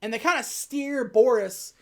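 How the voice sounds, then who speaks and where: A woman hosting a podcast, casually retelling a film plot and quickly acting out the characters' lines. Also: on the high side. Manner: animated retelling with quick put-on quotes. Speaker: podcast host. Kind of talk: casual movie recap chat.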